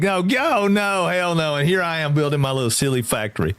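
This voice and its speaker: Excitable gravelly streamer man. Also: mid-range voice, moderate pace, hardly any pauses, music in the background. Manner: excitable, swearing, laughing exclamations. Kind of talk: live gameplay commentary.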